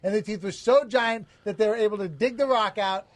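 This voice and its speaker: A man's voice: sits high, a little fast, dry recording. A man co-hosting a podcast, playful and teasing, spinning absurd stories in casual comedic banter. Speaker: podcast co-host.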